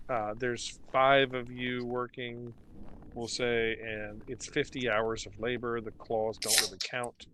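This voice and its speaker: A man narrating as game master of a tabletop game, describing scenes in a relaxed way with fillers. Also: medium pitch, takes it slowly, slight background noise, low-quality recording.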